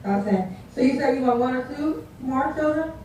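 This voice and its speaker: High chatty woman dating-show host. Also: normal speed, darkish tone. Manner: chatty, sassy asides. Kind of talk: upbeat live interview. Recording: echoey, distant, faint noise.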